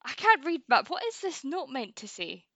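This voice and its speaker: A woman co-hosting a casual podcast in a dry, close-miked sound. Her voice is bright and slightly high, and she laughs often and swears freely as she acts out the characters she is talking about. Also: very animated, normal speed, no room sound. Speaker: podcast co-host. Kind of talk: casual chat.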